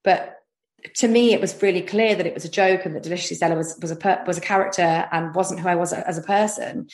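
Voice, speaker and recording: A woman's voice: on the low side, steady tone, fast, echoey room. A woman with a posh English accent, a guest telling candid stories in a chatty, self-mocking way with lots of filler words. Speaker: guest, comedy content creator. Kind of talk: candid conversational storytelling.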